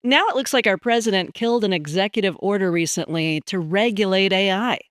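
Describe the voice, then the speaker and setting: A woman's voice: medium pitch, a little fast, no room sound, clean studio sound. A woman hosting a podcast, talking casually and with some amusement, using fillers. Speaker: podcast host.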